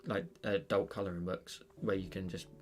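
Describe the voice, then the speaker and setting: A man's voice: low voice, flat delivery, normal speed, soft background music. A British man hosting an art channel, chatting casually on a live stream while he draws, rambling with lots of fillers and restarts.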